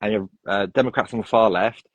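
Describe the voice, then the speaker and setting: Husky-voiced man, opinionated. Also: fairly low pitch, fast, no room sound, dull audio. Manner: opinionated, rambling with many restarts. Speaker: podcast guest. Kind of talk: casual chat.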